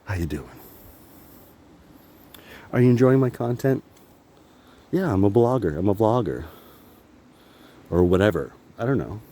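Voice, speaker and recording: A man's voice: on the low side, animated, unhurried, pauses often, mellow. A man vlogging on his phone while walking outdoors, talking in a meandering, candid way, laughing often and swearing casually. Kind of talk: rambling walk-and-talk vlog. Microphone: phone held while walking.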